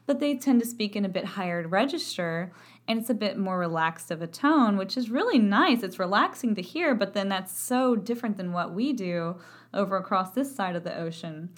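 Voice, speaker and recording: A woman with a Texan accent talks through a podcast lesson as a voice professor. Her voice sits in a middle pitch, and her delivery is chatty and self-deprecating, with frequent laughs. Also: animated, moderate pace. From Texas. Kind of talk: educational podcast talk.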